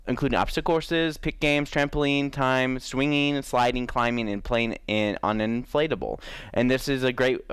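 A male morning show host reads through local events in a loose, casual way, full of ums. His voice sits at an ordinary pitch. The studio sound is dry and close. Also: smooth, no echo. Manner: casual, many fillers. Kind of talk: reading local event listings.

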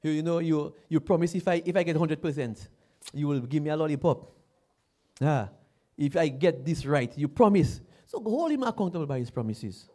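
A man from Dominica, preaching a sermon, repeating his phrases and building to loud exclamations. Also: on the high side, lively intonation, moderate pace.

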